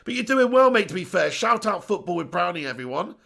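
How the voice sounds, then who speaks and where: Casual live-stream host: young man, high voice with a gravelly edge, chatty and quick to laugh. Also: big pitch swings, bright, forceful tone. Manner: chatty, laughs often, reads out viewer comments. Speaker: YouTube channel host.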